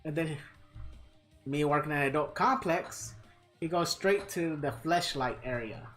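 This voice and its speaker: A man's voice: fairly high pitch, a little slow, fairly bright tone, soft background music. Rambling, laughing male streamer. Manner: rambling and amused, laughs often, acts out quoted people. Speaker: live streamer. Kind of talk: casual storytelling during a live game stream.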